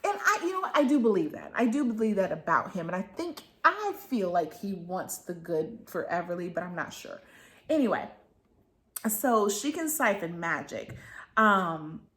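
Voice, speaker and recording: Woman, book reviewer; casual rambling retelling, slightly low voice. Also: lively intonation, measured pace, a bit bright. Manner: rambling plot retelling with many restarts.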